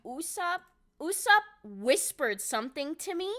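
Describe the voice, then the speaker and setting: A young woman streaming from home, telling a story in casual chat, excitable and swearing a lot with many fillers of "like". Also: on the high side, moderate pace. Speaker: live streamer. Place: at home by a window.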